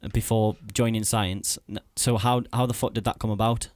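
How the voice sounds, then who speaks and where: A man hosting a podcast in casual, sweary, excitable chat. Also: on the low side, dry recording, clean studio sound. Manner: fast, sweary, excitable chatter. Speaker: podcast host.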